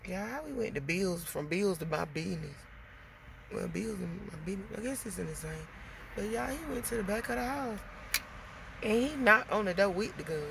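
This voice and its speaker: A woman vlogger venting a storytime, animated and swearing, talking straight to her viewers. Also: medium pitch, normal speed, vocal fry, background noise. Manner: animated, swearing, addresses viewers as girl and y'all.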